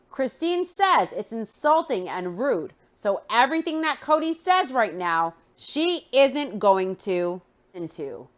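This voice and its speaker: A woman giving blunt, opinionated recap commentary on a TV show, swearing freely and adding sharp remarks between retold scenes. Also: on the high side. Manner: recounts scenes, then adds sharp remarks.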